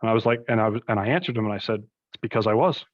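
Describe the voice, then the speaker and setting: A man's voice: fairly low pitch, very fast. A young man, a podcast guest, rambling through casual stories with lots of fillers and asides. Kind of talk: casual conversation. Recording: slightly muffled recording.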